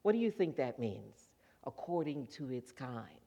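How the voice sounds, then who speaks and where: A minister preaching in a church and telling a story to the congregation. The delivery is animated, and the preacher acts out the voices of the characters in the story. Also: mid-range voice, a little slow, vocal fry. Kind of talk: sermon. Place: church sanctuary.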